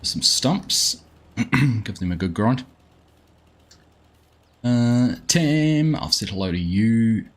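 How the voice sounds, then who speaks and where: A man's voice: deep voice, slightly rough. A man with an Australian accent, chatting casually with viewers as a live game streamer and greeting them by name. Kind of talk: casual live-stream chat while playing.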